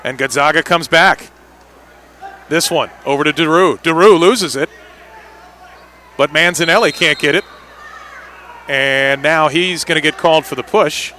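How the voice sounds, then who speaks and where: Man, play-by-play commentator, bright cutting voice, slightly high, quick excited calls on big plays. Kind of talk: live indoor soccer play-by-play.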